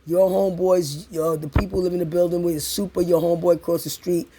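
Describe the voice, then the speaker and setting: A man's voice: high-pitched, flat delivery, fast, noisy background. A man in an angry, profane rant, hurling accusations at someone and repeating himself. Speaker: tenant confronting building super.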